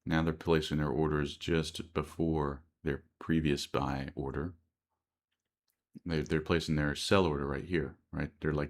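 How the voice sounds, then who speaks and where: A man's voice: extremely low pitch, level tone, measured pace. An American man commenting on live day trading on a stream, thinking aloud and reading out chat questions. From United States.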